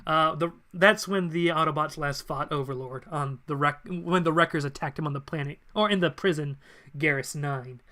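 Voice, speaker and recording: A man's voice: fairly high pitch, normal speed, pushed and bright. A man hosting a stream, chattily retelling comic scenes with casual asides. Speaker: channel host. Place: home streaming setup.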